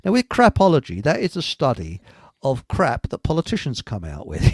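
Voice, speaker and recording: Man host, high voice, very animated, rambling, giggly, dry sound. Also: normal speed, husky, dry recording. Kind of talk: casual live chat show.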